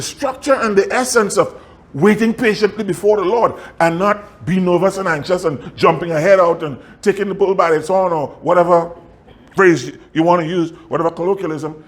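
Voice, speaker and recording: Animated preaching man, fairly high voice. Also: moderate pace. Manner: animated preaching with sudden high pitch swings; chuckles while telling stories. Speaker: pastor. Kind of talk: sermon with storytelling.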